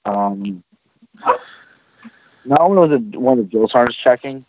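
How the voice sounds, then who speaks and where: A man hosting a casual podcast, telling crude, animated military stories. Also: medium pitch, measured pace, noisy background. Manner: profane, animated anecdote telling. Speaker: podcast host, military veteran. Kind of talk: casual storytelling chat. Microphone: online call. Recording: dry, tinny phone-like call audio.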